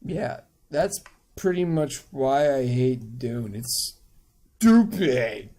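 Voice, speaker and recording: A man's voice: mid-range voice, animated, slow pace, warm tone, a little hiss or hum. A drunk young man giving a rambling, crude comic summary of a book, full of fillers.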